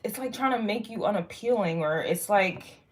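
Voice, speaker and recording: A young woman giving a casual spoken astrology reading to viewers, rambling and frank, swearing freely and filling pauses with "like" and "um". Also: medium pitch, expressive. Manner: rambling, frank and profane, lots of fillers. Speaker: tarot and astrology reader.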